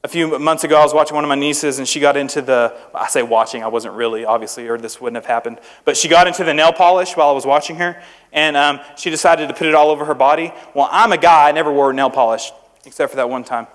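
A man's voice: a little high, quick pace. A young man preaching to students in a church, in a conversational, humorous manner, often asking the crowd questions. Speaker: youth preacher. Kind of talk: sermon to students. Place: church hall. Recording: echoey hall with long reverb.

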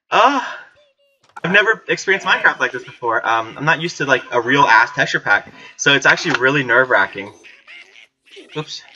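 Woman gamer doing let's play commentary, wild swoopy voice, bright edge, kinda dull lo-fi sound. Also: rumbling low, big pitch swings, normal speed, long pauses, slight background noise. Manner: jumpy, screams and swears when startled; chatty running commentary to herself. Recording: slightly dull lo-fi recording.

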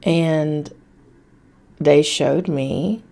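A woman's voice: low voice, drawn-out words, gravelly, a little mellow. A woman hosting a podcast, giving blunt, emphatic self-help advice in a casual spiritual talk, swearing freely and repeating her points. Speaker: podcast host.

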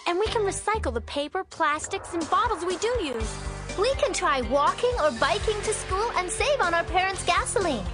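A woman's voice: very high-pitched, sing-song, normal speed. A woman voicing a cheerful cartoon girl heroine who gives kids an upbeat, preachy lesson in a clip from an old dubbed cartoon. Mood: earnest. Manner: upbeat, preachy, kid-friendly. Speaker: cartoon character in a closing segment. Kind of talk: cartoon dub voice acting. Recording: clip from a cartoon over music.

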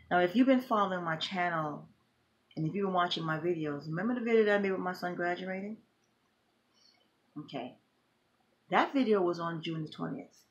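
A middle-aged woman records an emotional personal vlog, speaking in an impassioned, repetitive, grieving way. Her voice sits on the low side, with a slight hiss or hum in the audio.

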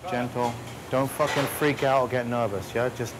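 Against a noisy background, a head chef speaks at normal speed in a steady, medium-pitched voice. This documentary captures him in interview and shouting in the restaurant kitchen, where he swears and barks orders intensely.

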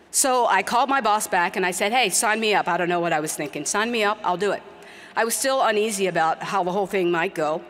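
A woman's voice: lowish voice, a bit bright. Woman giving an earnest commencement speech. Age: middle-aged. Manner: earnest, emphatic with slow, repeated exhortations. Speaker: commencement speaker. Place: large hall. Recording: long hall reverb.

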